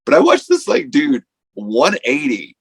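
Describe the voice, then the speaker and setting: The man is a wrestler guesting on a podcast, rambling through a casual story, saying "like" constantly and acting out quotes. He has a husky, mid-range voice with wildly swooping pitch and a slightly slow pace, heard on a rough recording.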